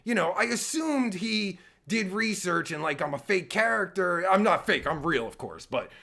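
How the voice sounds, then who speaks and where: A man's voice: sits high, very animated, moderate pace, vocal fry, sharp tone. A man giving sarcastic, taunting commentary as a podcast guest, swearing heavily and mocking his host.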